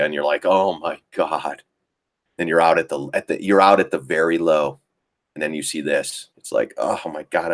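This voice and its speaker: A man hosting a live trading stream, chatting casually about charts, laughing often and mimicking panicked traders. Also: deep voice. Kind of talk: casual live market commentary.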